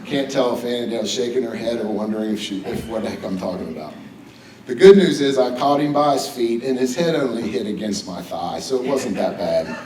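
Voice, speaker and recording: Standing at a podium in a banquet hall full of people, a middle-aged West Virginian accepts a hall of fame honor with a personal, jokey speech. He talks briskly and with animation in a mid-range, darkish voice, far from the mic, slightly off it, and the hall echoes.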